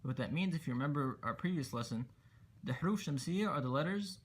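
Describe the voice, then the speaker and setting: A man's voice: a little high, animated, fairly quick, breathy edge. A man teaching Quran recitation rules step by step, patiently explaining and repeating letters for emphasis. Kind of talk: step-by-step tajweed lesson.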